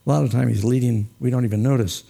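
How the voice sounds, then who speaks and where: A man's voice: mid-range voice, fairly even intonation, fast talker, vocal fry, dark tone, breathy edge. A man preaching a sermon as pastor, folksy and humorous, with light laughs and quoted asides.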